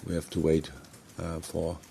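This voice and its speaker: Man answering press questions, low voice. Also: unhurried, creaky, slight background noise. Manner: frank, animated, many restarts. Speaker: football manager. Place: press conference room.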